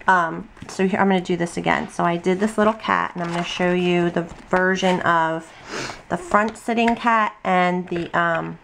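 A woman's voice: on the low side, gravelly, slight background noise. A tired, chatty middle-aged woman rambling through a casual drawing tutorial at her home desk, full of ums and asides. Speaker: craft video host. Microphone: camera on tripod at desk.

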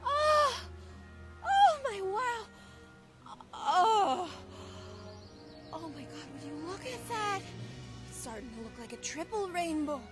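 A woman's voice: extremely high pitch, big pitch swings, slow pace, long pauses, over music, full character voice. A woman doing a gushing, awestruck gasper. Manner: breathless, gushing exclamations. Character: overwhelmed young woman gushing at a rainbow.

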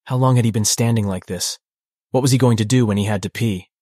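A man's voice: fairly low pitch, fast talker, a little mellow, dry recording. A man narrating an audiobook in a dry, wry manner. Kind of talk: scripted narration.

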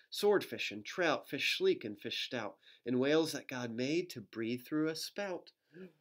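A man, a pastor, reads a rhyming picture book aloud to children at home, adding gentle, playful asides and making animal sounds. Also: a little high.

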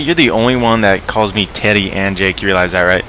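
A man's voice: deep voice, fairly quick, few pauses, pushed and bright, slight background noise. A man giving playful gaming commentary and bantering with a dog puppet. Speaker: gamer.

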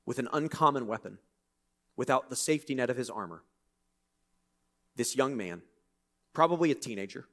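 A man preaching a sermon in a church, reading scripture and breaking into lively, conversational, joking asides. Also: medium pitch, moderate pace, long pauses. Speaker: pastor.

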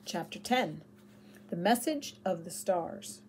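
A woman narrating a children's chapter book aloud with expressive storytelling. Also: fairly low pitch, takes it slowly, a little hiss or hum.

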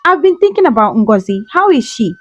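A woman's voice: on the high side, big pitch swings, fairly quick, no echo, highs cut off, soft background music. A woman voicing a kind man who urgently pleads for a girl's life. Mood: anxious. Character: kind adult man, anxious rescuer.

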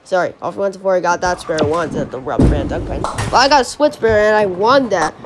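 A channel host giving rambling commentary on a mobile game, who yelps and groans at misses. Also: female voice, lowish voice, lively intonation, fairly quick, heavy background noise. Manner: rambling, restarts sentences.

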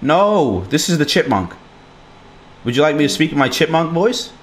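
A young man trolling an online class, loud, mocking and crude. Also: fairly high pitch, very animated, normal speed, a little hiss or hum. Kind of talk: prank trolling.

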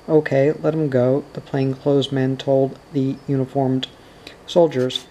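A man reads nonfiction aloud in a steady, measured way. His voice is mellow and warm, and his pitch barely moves from line to line. Quoted dialogue stays low-key inside the narration. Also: a little hiss or hum, low-quality recording. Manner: even, measured reading with quiet quoted dialogue. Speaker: audiobook reader.

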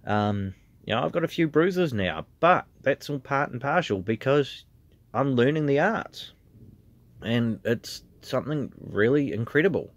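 A man's voice: medium pitch, animated, a little slow. A man with a New Zealand accent, a trainee pro wrestler, talking earnestly and from the heart in a casual vlog, with lots of "um" and "you know". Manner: earnest and heartfelt, with frequent fillers.

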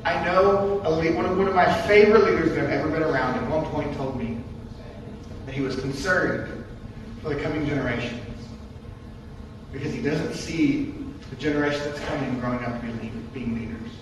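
A man's voice: fairly high pitch, a little fast, noisy background. A man preaching a sermon in a church, emphatic and repetitive, posing rhetorical questions to the congregation. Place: church sanctuary. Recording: distant mic in an echoey church hall.

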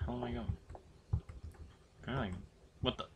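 A teenage boy hosting a horror game playthrough, chatting to viewers in rambling asides and swearing loudly when startled. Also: mid-range voice, huge pitch swings, moderate pace, creaky, a little hiss or hum. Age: teens. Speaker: gaming channel host. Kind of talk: horror game let's play commentary.

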